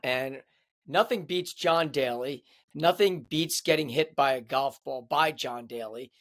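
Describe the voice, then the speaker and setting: A man's voice: mid-range voice, a little slow, fairly bright tone. A man hosting a golf podcast, talking in a loose, candid way and swearing casually. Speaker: podcast host.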